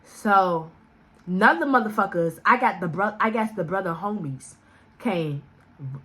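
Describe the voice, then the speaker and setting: A woman telling a casual story as a vlogger, animated and profane, laughing often and acting out the voices she quotes. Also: unhurried. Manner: acts out quoted voices with big pitch jumps.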